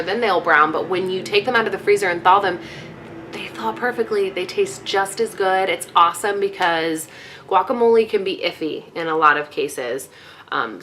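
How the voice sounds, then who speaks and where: A woman's voice: lowish voice, pushed and bright. A young woman vlogging casually to her viewers, chatty with lots of ums, a little out of breath. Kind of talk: casual chat to camera.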